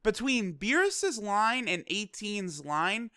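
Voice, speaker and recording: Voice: medium pitch, big pitch swings, slow pace, pushed and bright, smooth, no echo, clean studio sound. A casual anime episode reviewer recapping the plot, chatty and loose, swearing and laughing easily. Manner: loose, full of fillers like "you know".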